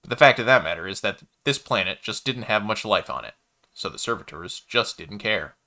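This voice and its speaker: Guy reading a sci-fi story, lowish voice, bright, steady. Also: a little fast. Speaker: narrator. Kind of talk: storybook narration.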